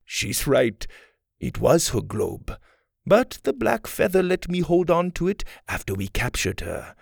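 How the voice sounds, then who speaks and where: A man's voice: a little high, sing-song, measured pace, creaky, no echo, clean studio sound, voice pushed up, heavily acted. A man voicing a playful, menacing male villain in a children's audio story. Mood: teasing. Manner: teasing, then threatening.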